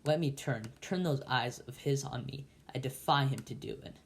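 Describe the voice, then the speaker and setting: A man voicing a desperate, rough-spoken escaped convict who talks with fierce scorn. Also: mid-range voice, moderate pace.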